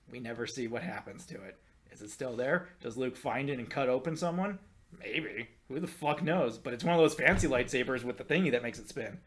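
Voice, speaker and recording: A man co-hosting a podcast in casual chat, animated and exasperated, swinging from loud outbursts to low muttering and swearing freely. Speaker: podcast co-host.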